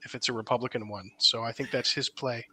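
A man's voice: medium pitch, fairly even intonation, quick pace, pushed and bright, breathy edge. A man co-hosting a podcast, speaking bluntly and emphatically with frequent fillers. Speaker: podcast co-host. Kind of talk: casual political chat.

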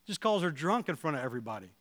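Bright-voiced pastor preaching in a reverberant hall. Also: male voice, on the high side. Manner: earnest, acts out quoted prayers and dialogue. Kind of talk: sermon. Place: church sanctuary.

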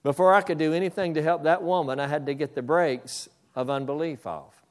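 A man's voice: a little high, steady tone, fairly quick. A male pastor preaching a sermon, reading a story aloud and calling on his congregation to pay attention. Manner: emphatic, calls on the congregation.

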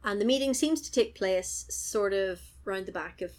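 A woman co-hosting a podcast, recapping and telling stories in an animated way, acting out the quotes in different voices. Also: medium pitch, moderate pace. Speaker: podcast co-host. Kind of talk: casual recap chat.

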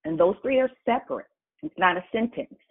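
A woman's voice: medium pitch, expressive, brisk. A woman preaching a sermon, emphatic, spelling out words and repeating phrases for effect. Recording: tinny phone-like line.

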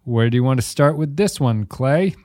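Male podcast host, casual and jokey, mid-pitched voice, dry close mic. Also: expressive, normal speed, darkish tone, dry recording. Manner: joking, laughs often, acts out quotes.

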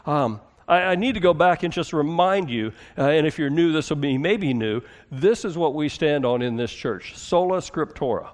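A man preaching a sermon as a pastor, conversational, asking the congregation questions and moving between emphatic and hushed delivery. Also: a little high, expressive, normal speed, hardly any pauses.

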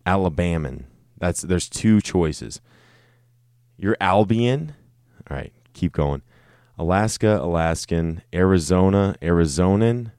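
A man's voice: sits low, darkish tone, no room sound, clean studio sound. A young man hosting a casual solo podcast, rambling and joking with plenty of swearing. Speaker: podcast host.

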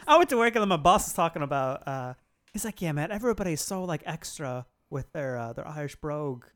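Guy co-hosting a chill podcast, animated up and down voice, kinda high, joking around. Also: a little fast. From United States. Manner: joking, lively storytelling. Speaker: podcast co-host. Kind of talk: casual chat.

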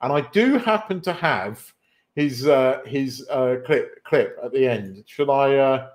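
A man's voice: mid-range voice, expressive, takes it slowly. A man hosting a casual film podcast, rambling and correcting himself, with the odd swear word. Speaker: podcast host.

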